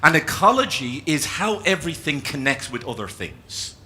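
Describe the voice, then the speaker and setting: A man's voice: on the high side, normal speed. An Irish man giving a keynote talk to a live audience, telling stories as he draws. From Ireland. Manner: animated storyteller, drawing as he speaks. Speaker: keynote speaker. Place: conference room with an audience.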